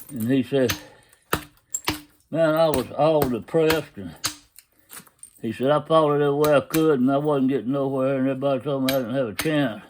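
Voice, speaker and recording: A man's voice: mid-range voice, background noise. Folksy man telling a story. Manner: folksy drawl, retelling quotes with "he said". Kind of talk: casual storytelling.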